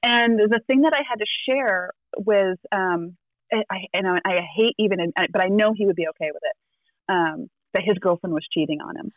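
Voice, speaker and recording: A woman's voice: mid-range voice, normal speed, no echo, highs cut off. A woman tarot reader telling a story in casual chat, acting out the quotes and laughing often.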